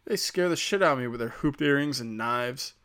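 A man's voice: mid-range voice, fairly quick, fairly bright tone. A man hosting a casual comedic monologue, rambling, sarcastic and heavy on profanity.

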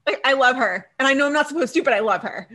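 A woman's voice: high-pitched, quick pace. A woman co-hosting a podcast, casually recapping a TV episode and acting out the characters' lines with swearing and laughter. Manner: animated, acts out characters' lines, swears freely. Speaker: podcast co-host.

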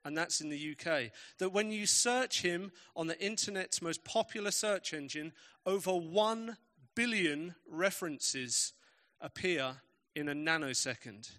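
A man's voice: a little high, unhurried, hardly any pauses, pushed and bright. A man preaching a sermon, telling stories with emphatic, varied pacing.

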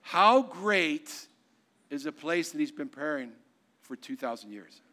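A man preaching a sermon as pastor, swinging from hushed, intimate lines to loud, excited ones and acting out quoted lines in a casual voice. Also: medium pitch, brisk.

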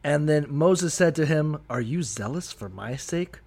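A man's voice: a little high, a little slow, gravelly. A man on a comedy podcast, riffing profanely on a bible story and acting out the characters' voices. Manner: profane, animated, acts out voices mid-story. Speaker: podcast co-host. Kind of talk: comedic bible commentary chat.

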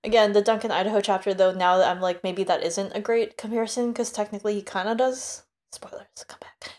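A woman's voice: mid-range voice, fairly even intonation, fast talker, darkish tone. A woman co-hosting a casual book podcast, talking in a loose, filler-heavy way. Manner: chatty, filler-heavy, laughs along. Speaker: podcast co-host.

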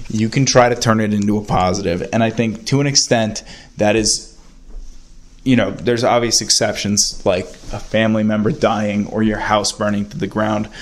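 A young man hosting his own podcast, rambling and self-mocking as he talks into a handheld voice recorder indoors at a friend's house. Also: mid-range voice. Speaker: podcast host. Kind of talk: casual solo podcast rant.

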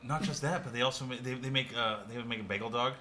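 A man chatting as a podcast guest, halting and lighthearted, repeating words as he restarts. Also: mid-range voice, bright, forceful tone, slight background noise. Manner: lighthearted, laughs easily. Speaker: podcast guest, competitive eater. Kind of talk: casual chat.

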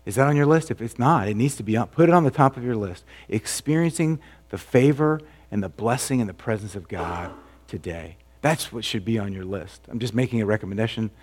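A man pastor delivering a conversational sermon, asking rhetorical questions and dropping to a soft, low voice for emphasis. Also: animated, fairly quick.

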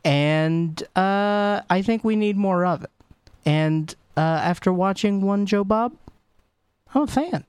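A man in his thirties co-hosting a podcast in casual chat, crude and mock-outraged, swearing and laughing in quick bursts. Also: high-pitched, a little mellow, smooth, no echo. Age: 30s. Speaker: podcast co-host.

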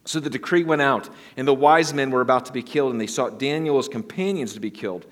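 A man preaches a sermon at a fast pace, reading scripture aloud and explaining it with lively, conversational asides. His voice swings from quiet, low stresses up to high, emphatic peaks.

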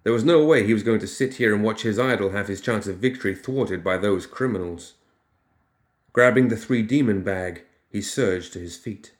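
A man narrating a fiction audiobook in steady storytelling. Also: on the low side, moderate pace.

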